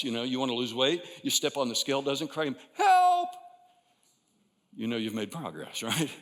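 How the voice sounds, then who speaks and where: An older male pastor delivers a sermon from a church sanctuary, his voice trailing off in a long hall reverb. He preaches conversationally, restarting phrases and rising into emphatic bursts before easing back down. His pitch sits mid-range for a man. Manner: builds to emphatic bursts, then drops quiet.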